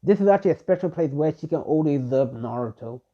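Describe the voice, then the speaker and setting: Animated and quick-paced, this young fan storyteller's voice is on the high side. He makes up fan-fiction narration on the spot in a rambling way, stumbling through fillers and restarts, captured on a dull lo-fi recording.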